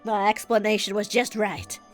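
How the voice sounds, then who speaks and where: A woman streams a game and chats casually through a stuffy nose, giggling as she rambles through stories. Her voice is mid-range with vocal fry.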